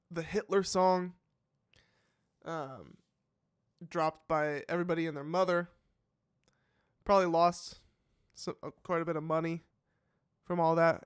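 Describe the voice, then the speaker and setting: A man's voice: a little high, clean tone, no room sound, clean studio sound. A man hosting a live reaction show, thinking aloud in casual commentary with many fillers and restarts. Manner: musing, hesitant, full of fillers and restarts.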